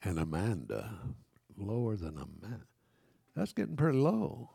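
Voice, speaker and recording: A man's voice: fairly low pitch, wildly swooping pitch, normal speed, vocal fry, mellow, breathy edge, no room sound, clean studio sound. An older man preaching a sermon, reading scripture aloud and turning to the congregation with conversational asides, with frequent self-corrections.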